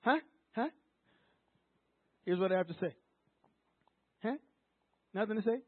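A man's voice: sits high, lively intonation, measured pace, slightly rough, dry recording. A man preaching an emphatic, repetitive sermon, often acting out quoted voices. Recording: tinny phone-like line, dry.

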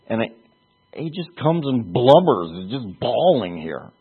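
A man preaching a sermon in an earnest, halting way, repeating words for emphasis. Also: medium pitch, very animated, slightly rough. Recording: tinny phone-like sound.

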